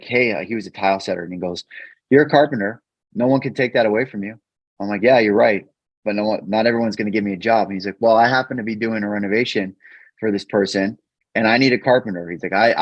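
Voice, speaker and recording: Low-voiced man telling his recovery story. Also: dry recording. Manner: earnest, halting, repeats words when emotional. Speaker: podcast guest. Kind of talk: candid personal storytelling. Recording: dull, dry podcast mic.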